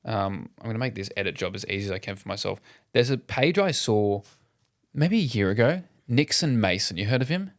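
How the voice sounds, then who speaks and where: A young man co-hosting a podcast, chatting casually and telling animated, sweary stories. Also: lowish voice, a little fast, dry recording, studio quality. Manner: storytelling, swearing, animated quoted voices. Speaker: podcast co-host. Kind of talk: casual chat.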